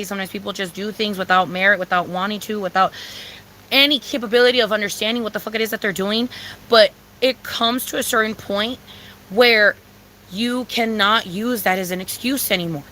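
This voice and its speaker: Young woman, casual vlog rant, bright forceful voice, heated and profane, faint background noise. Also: mid-range voice. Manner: heated, profane, repetitive ranting. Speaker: vlogger.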